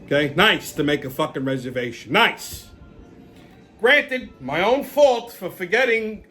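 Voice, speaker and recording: A man hosting his own show, telling stories in a profane, exasperated, animated rant. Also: high-pitched. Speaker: show host. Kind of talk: casual storytelling rant.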